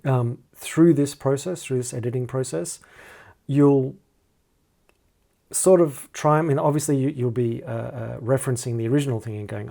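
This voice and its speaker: A man with a gravelly, fry-laden voice walks through a music editing tutorial in a loose, casual way. He hesitates a lot, stacks up ums and restarts, and often trails off. His pitch sits right in the middle for a man. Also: normal speed, mellow. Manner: hesitant, many ums and restarts, self-deprecating. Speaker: music producer teaching a DAW. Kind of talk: casual screen-recorded tutorial.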